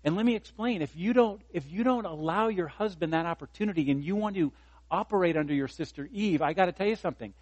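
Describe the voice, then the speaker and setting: A pastor in his fifties delivers a sermon in a chatty way, raising his voice to hammer home points and poking gentle fun at himself through personal stories. His slightly high voice is quick, a bit mellow, and husky. The lo-fi recording is dry and close, with no room echo.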